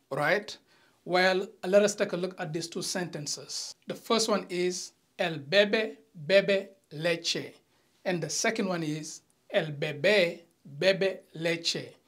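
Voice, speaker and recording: A teacher giving an online lesson, talking straight to viewers with light teasing and reading example sentences slowly and carefully. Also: medium pitch, fairly bright tone. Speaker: language teacher.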